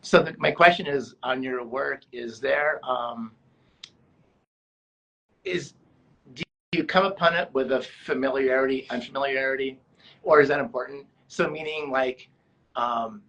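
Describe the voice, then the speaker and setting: A man interviewing a guest, asking casual, halting questions full of fillers. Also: mid-range voice, pushed and bright, rough recording. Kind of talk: conversational interview.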